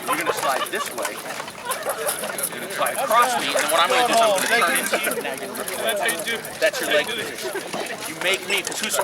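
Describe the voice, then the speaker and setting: A man teaching a hands-on combat class, coaching students through drills with repeated cues and quick asides. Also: high-pitched, animated, a loud crowd. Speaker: combat instructor. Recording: distant camera audio with outdoor noise.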